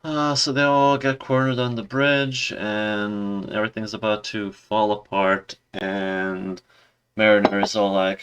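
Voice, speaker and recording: A man's voice: on the low side, monotone, unhurried, fairly bright tone, clear, resonant tone, dull audio. A man giving a casual, rambling review in a sarcastic, exasperated tone. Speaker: video reviewer.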